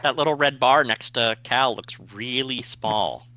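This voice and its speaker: Slow player, bright edgy voice, dry mic. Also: medium pitch, dry recording, muffled recording. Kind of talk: casual tabletop play.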